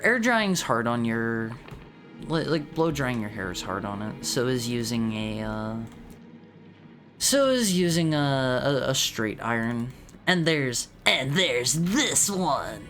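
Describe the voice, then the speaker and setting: A man streaming, chatting casually in an animated way, often restarting and repeating words. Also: medium pitch.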